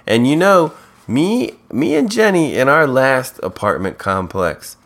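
A man's voice: mid-range voice, big pitch swings, unhurried, a bit bright. A man co-hosting a podcast, recapping a TV episode in a casual, laid-back way and slipping into silly character voices. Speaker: podcast co-host.

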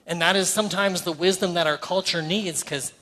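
A man's voice: high voice, steady tone, fairly quick, bright, forceful tone. A middle-aged Canadian man preaching a sermon, earnest and conversational with playful asides. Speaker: pastor. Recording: hall reverb.

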